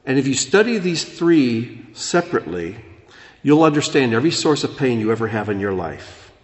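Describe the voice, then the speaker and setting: A man preaching a sermon as pastor, dropping low and soft, then rising loud and animated. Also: normal speed. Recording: echoey hall.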